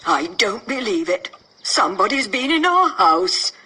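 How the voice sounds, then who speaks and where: A woman voicing a fussy, motherly mother bear in a storybook cartoon, with high, sing-song exclamations. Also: big pitch swings, measured pace, sharp tone, slightly rough, full character voice. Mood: shocked.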